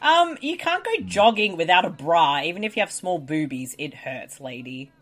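A woman's voice: fairly low pitch, moderate pace. A woman co-hosting a casual movie commentary with wry, blunt remarks. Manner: wry, swearing, animated. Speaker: podcast co-host.

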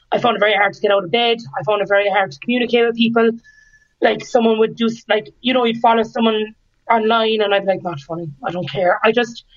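Woman in her thirties, candid guest who laughs through her story; dull lo-fi recording. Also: medium pitch. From Ireland. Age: 30s. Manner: lively, laughs often, acts out quoted lines. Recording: dull lo-fi sound.

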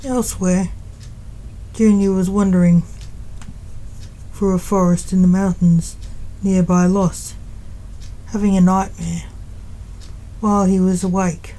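A woman reading a fan story aloud in a plain, unhurried way. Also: medium pitch, flat delivery, mellow, poor audio. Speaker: narrator.

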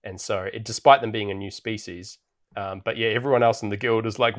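A man co-hosting a podcast, recapping a film in a relaxed, rambling way with plenty of fillers. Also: fairly low pitch, a little fast. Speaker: podcast co-host. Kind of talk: casual film recap chat. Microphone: podcast microphone.

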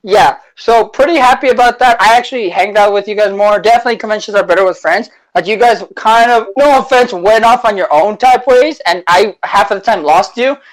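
A man co-hosting a podcast, telling stories in casual chat with a relaxed, self-deprecating manner. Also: high-pitched, a little fast, hardly any pauses, low-quality recording. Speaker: podcast co-host.

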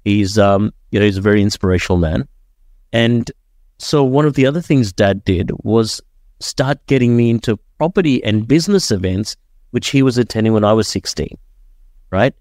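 A man's voice: fairly low pitch, moderate pace, darkish tone, no echo, clean studio sound. A young adult man from Dubai, a podcast guest telling his story in casual chat, often tagging sentences with "right?". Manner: storytelling, frequent "right?" tags.

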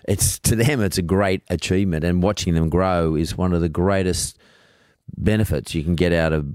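A man's voice: low-pitched, steady tone, normal speed, a little mellow, clear, resonant tone, no room sound, studio quality. A man hosting an interview, asking rambling questions that he restarts often. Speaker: host.

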